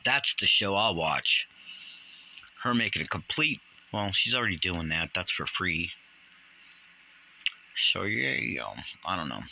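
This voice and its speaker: Older guy ranting on his channel, fired up, sharp bright tone, pitch shooting up when he's mad. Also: a little slow, creaky, pauses often, a little hiss or hum, low-quality recording. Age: 60s. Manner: animated, indignant, jumps up in pitch when outraged. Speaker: channel host. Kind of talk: ranting commentary vlog.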